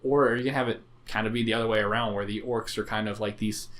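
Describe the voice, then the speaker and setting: Rambling, swearing podcast co-host. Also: male voice, on the low side, fairly even intonation, fast talker, a bit bright. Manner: rambling, profane, lots of fillers and restarts. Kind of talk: casual chat about tabletop games.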